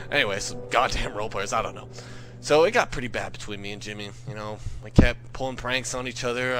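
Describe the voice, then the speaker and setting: A young man telling a comic gaming story as a rant, jumping into loud quoted voices. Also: medium pitch. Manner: animated, swings into shouted quoted voices. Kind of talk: comedic gamer rant.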